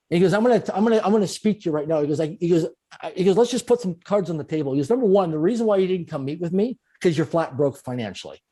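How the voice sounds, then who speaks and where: A middle-aged man telling stories as an interview guest, animated and repeating phrases for emphasis. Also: on the high side, husky. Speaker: guest speaker. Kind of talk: storytelling in a conversational interview.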